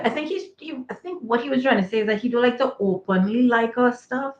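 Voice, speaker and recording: A woman's voice: a little high, fairly quick. A woman who co-hosts a podcast and once worked as a school counselor, giving candid advice and repeating her points for emphasis. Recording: echoey, slightly dull remote audio.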